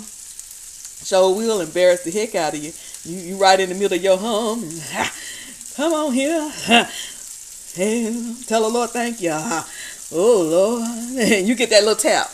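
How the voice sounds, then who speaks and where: A woman's voice: medium pitch, a little hiss or hum, poor audio. A woman hosts a laid-back talk stream from her kitchen, chatting in a folksy way and laughing often. She trails off into fillers as she talks. Food sizzles faintly in a pan behind her. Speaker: host commenting on church videos. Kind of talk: casual live-stream commentary. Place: home kitchen while cooking. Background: faint frying and sizzling.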